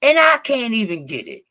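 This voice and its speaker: A man's voice: very high-pitched, unhurried. Easygoing man from Philadelphia, slight lisp. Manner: relaxed, heavy on fillers and swearing. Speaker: interview guest. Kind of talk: casual chat.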